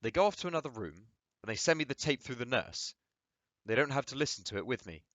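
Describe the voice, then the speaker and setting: Man doing a calm, probing psychiatrist. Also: medium pitch, fast talker, no room sound. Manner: gentle, questioning. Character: middle-aged male psychiatrist, calm and probing.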